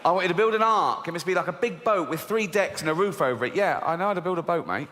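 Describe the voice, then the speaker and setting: A man's voice: expressive, fast, big-room sound. A man doing stand-up comedy, reading a children's Bible aloud with sardonic, sweary asides. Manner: sardonic, sweary asides, jumps to high squeaky outrage. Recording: live show, audience laughter and crowd noise.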